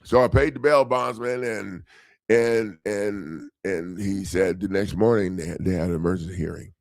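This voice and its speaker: A middle-aged man, a legal self-help coach, telling a profane story in a lively, laughing way and acting out the people he quotes. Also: fairly low pitch, normal speed, vocal fry, no echo. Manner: animated, profane, laughing, acts out quoted voices. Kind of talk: casual storytelling monologue.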